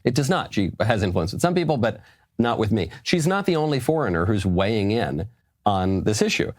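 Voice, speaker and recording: Male commentator, sarcastic, lecturing, lively swinging pitch, dry close sound. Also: fairly quick, no room sound. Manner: sarcastic, lecturing, laughs at his own points. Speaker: political commentator. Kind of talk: political commentary clip.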